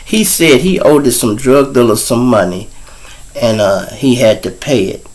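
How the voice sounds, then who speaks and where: A man with a Chicago accent telling stories to his viewers in a casual, profane way, acting out other people's voices. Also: measured pace. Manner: animated, profane, acts out voices with high squeals.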